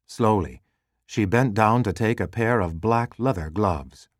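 A man reading a scripted narration in a measured, calm storytelling manner. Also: lowish voice, dry recording, clean studio sound.

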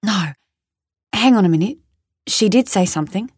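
A woman's voice: lowish voice, moderate pace, darkish tone, husky, no echo, clean studio sound. A woman voicing a laid-back Australian male paramedic who talks in a casual, matter-of-fact way. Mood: offhand.

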